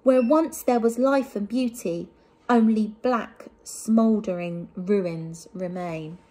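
A woman voicing a squawking toucan that warns gravely, in a picture-book reading for children. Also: slow pace, mellow. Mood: warning. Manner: squawking, raised pitch. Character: squawking toucan, urgent and warning.

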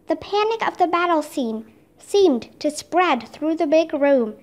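A woman reads a children's chapter book aloud with steady, expressive narration. Her voice is high and moves through a wide, lively pitch range. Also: measured pace. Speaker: storybook reader.

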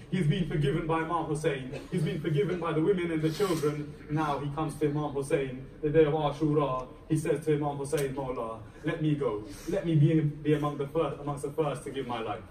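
A man's voice: fairly high pitch, a little mellow, slight background noise. Man preaching a dramatic sermon in an echoey hall. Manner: dramatic storytelling, voicing quoted figures with rising emotional intensity. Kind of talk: Muharram majlis sermon narration. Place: mosque hall. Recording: echoey hall, voice picked up from a distance.

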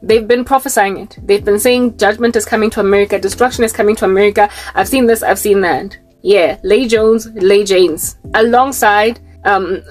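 A woman's voice: mid-range voice, steady tone, moderate pace, hardly any pauses, soft background music. A woman from Africa, delivering a fervent Christian vlog monologue full of rhetorical questions and rambling asides. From South Africa. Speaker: Christian YouTuber.

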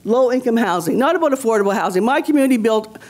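A woman's voice: on the high side, lively intonation, fast, a little mellow. A woman from Nova Scotia, a community leader speaking on a conference panel in a rousing, rhetorical way, repeating phrases for emphasis. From Nova Scotia, Canada. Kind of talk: impassioned panel talk.

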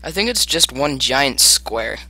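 A man's voice: mid-range voice, sing-song, a little slow, pushed and bright, slightly rough, no room sound. A man giving jokey let's play commentary and talking to the game. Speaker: gamer.

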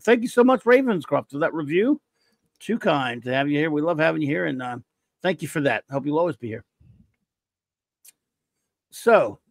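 An excitable man hosting a podcast, rambling through listener reviews and breaking into jokes and the odd shout. His voice sits a little high for a man. The sound is dry, with no room echo. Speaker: podcast host. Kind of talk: casual chat reading listener reviews.

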